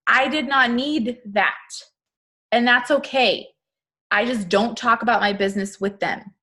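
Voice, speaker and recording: A woman's voice: a little high, pushed and bright. Upbeat young woman, casual motivational talk, filler-heavy chatter. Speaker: network marketing team leader.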